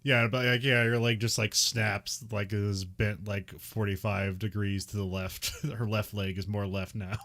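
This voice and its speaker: A man's voice: lowish voice, fairly even intonation, measured pace, hardly any pauses, a bit bright. A man co-hosting a casual chat, recapping a film with frequent laughs and many fillers. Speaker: podcast co-host.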